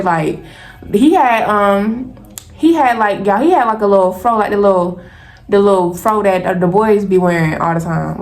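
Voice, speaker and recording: A young woman in her twenties telling a personal story to her viewers in a lively, casual way, calling them y'all. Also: mid-range voice. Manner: animated, talks straight to viewers as y'all.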